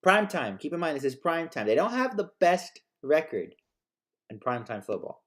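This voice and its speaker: A man co-hosting a casual sports talk show, animated and given to stammered restarts. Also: on the high side, moderate pace. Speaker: sports podcast co-host.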